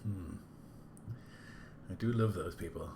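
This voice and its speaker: Low-voiced man describing his character. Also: slow pace, noisy background. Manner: casual, rambling with fillers. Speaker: player. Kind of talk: tabletop role-play narration.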